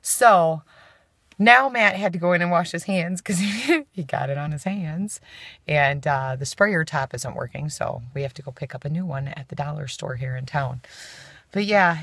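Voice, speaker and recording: A woman's voice: sits low, normal speed, fairly bright tone, dry recording. A woman chatting casually to the camera as a vlogger, rambling with many fillers, from inside a moving car. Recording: road noise from a moving car.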